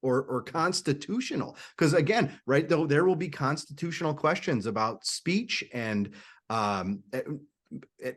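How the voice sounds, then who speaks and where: A man with a highish, slightly bright voice and lively intonation hosts a panel talk at a measured pace. Thinking aloud, he stumbles through many false starts and repeated words, staying conversational and unsure as he relays viewers' questions.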